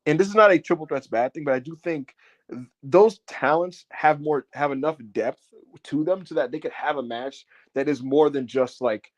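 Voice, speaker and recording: A man's voice: a little high, moderate pace, no echo. A man co-hosting a wrestling podcast, giving a casual, profane review, laughing often and acting out what people said. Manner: profane, laughing, acts out quotes.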